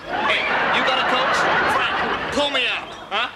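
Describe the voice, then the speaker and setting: An actor playing a zany, hyper goofball comic who squeaks and yelps. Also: male voice, unhurried, a loud crowd. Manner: squeaky, yelping. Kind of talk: sitcom acting. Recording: noisy TV recording with studio laughter.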